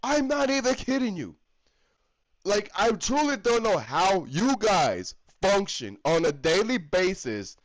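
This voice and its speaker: A man's voice: very high-pitched, rough recording. A man from the United States giving a heated, profane hockey fan rant that is full of swearing and repetition. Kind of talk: profane ranting commentary.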